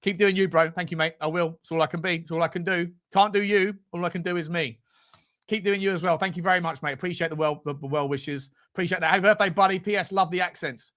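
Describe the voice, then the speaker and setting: A man hosts a fan live stream, reading out super chats. His voice sits a touch high and sounds bright and sharp. He rambles and swears, drifting off on tangents. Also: steady tone, fast. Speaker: fan channel host.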